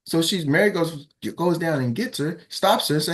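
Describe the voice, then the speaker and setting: A man, a team coach telling a lively story on a morning call, acting out quotes in raised voices. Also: fairly high pitch, moderate pace.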